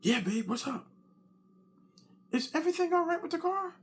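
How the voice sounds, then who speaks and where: Man putting on a high anxious wife. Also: lively intonation, moderate pace. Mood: worried.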